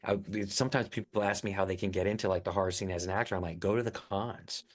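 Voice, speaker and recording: A middle-aged actor talking as an interview guest, upbeat and chatty. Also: male voice, sits low, fairly even intonation, very fast. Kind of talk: casual interview chat.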